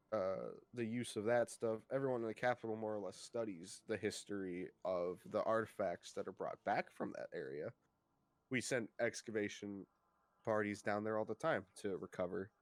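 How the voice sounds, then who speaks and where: Low-voiced man running a game. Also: no echo. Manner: casual, many fillers and pauses. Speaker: game master. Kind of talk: narrating a tabletop game.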